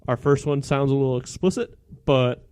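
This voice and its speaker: A man's voice: medium pitch, normal speed, darkish tone, clear, resonant tone. A young man co-hosting a casual sports podcast, teasing his partner and cheerfully plugging the show. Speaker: podcast co-host.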